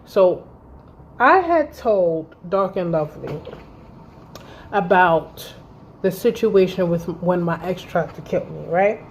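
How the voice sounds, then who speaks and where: A woman around thirty telling a story to camera in a vlog, blunt and animated, with heavy swearing. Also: lowish voice, slow pace, long pauses, slight background noise. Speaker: vlogger. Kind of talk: storytime vlog, recounting a fight.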